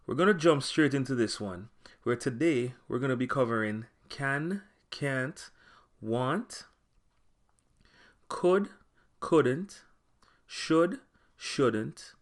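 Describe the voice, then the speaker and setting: A man guides a scripted language lesson at a middling pitch. He speaks clearly and deliberately, drawing out example words so they can be copied. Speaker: language teacher.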